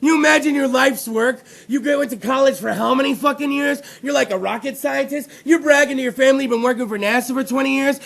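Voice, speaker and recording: A man hosting a crude, jokey live internet talk show, loud and profane. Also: quick pace, creaky, hardly any pauses. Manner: loud, crude, jokey, swings into a soft low put-on voice.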